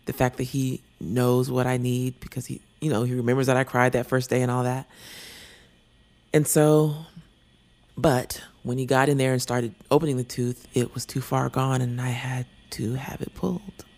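A man telling an earnest, rambling, confessional personal story, sometimes dropping to a soft near-whisper. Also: medium pitch, little pitch movement, normal speed.

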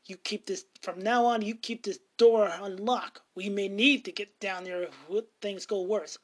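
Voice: mid-range voice, fairly even intonation, a little slow, close to an everyday voice. Brief: furious barking man under siege, put on by a casual recapper. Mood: commanding. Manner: commanding, shouting. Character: angry man barricading a house.

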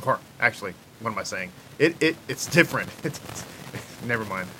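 A man's voice: fairly low pitch, lively intonation, a little fast, sharp tone, slight background noise. A man with a Texan accent, a rabbi casually greeting livestream viewers with joking asides. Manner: chatty, joking, calls out viewers.

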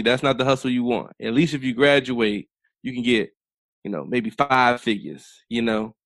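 A man's voice: medium pitch, fairly bright tone, no room sound. A man from the D.C. area, a teacher, talking in casual chat in a blunt, straight-talking way and cussing freely. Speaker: teacher, podcast guest.

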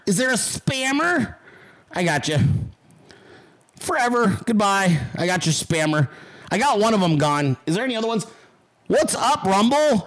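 A man's voice: high-pitched, fairly bright tone, rough recording. A man hosting a livestream, ranting at his chat with heavy profanity and mocking sarcasm. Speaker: livestream host.

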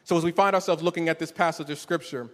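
A man's voice: a little high, steady tone, fast, fairly bright tone, big-room sound. A man in his forties preaching a conversational, emotional sermon in a church, often repeating words as he starts a thought. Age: 40s. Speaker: pastor.

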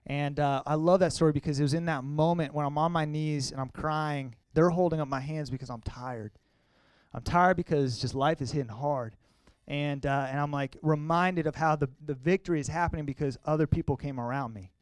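Young male speaker for an emotional church testimony: casual and earnest, with a smooth, clear voice. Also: fairly high pitch, no room sound. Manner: earnest, conversational, halting with emotion. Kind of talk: personal testimony to a congregation.

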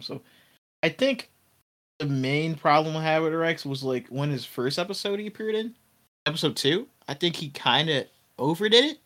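A man's voice: a little high, a bit bright. Rambling casual podcast guy. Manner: loose, rambling, heavy use of "like". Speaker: podcast co-host. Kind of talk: casual review chat.

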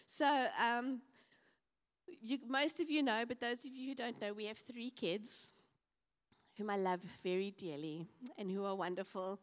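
A woman's voice: on the high side, normal speed. A woman preaching a sermon, telling stories animatedly and acting out the voices of the people in them. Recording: reverberant hall.

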